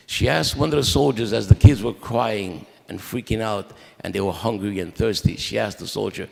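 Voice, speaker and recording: A man with a low, gravelly voice recounts his family's story at a memorial service, speaking in a halting, conversational way. His words carry a long reverb through the church. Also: a little mellow. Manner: conversational, halting with restarts and quoted dialogue. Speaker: eulogy speaker at a memorial mass.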